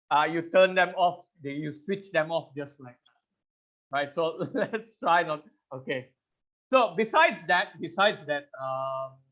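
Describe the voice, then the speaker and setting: A man in his thirties, a public speaking trainer, giving an animated online class, laughing often and quizzing the audience over a video call. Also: a little high, lo-fi sound. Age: 30s.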